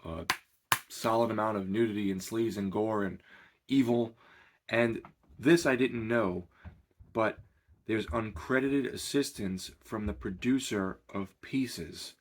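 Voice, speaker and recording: A man's voice: fairly low pitch, slow pace. A man talking loosely through a horror film review as a channel host, rambling and conversational. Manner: rambling and conversational, with many fillers. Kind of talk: casual spoken film review.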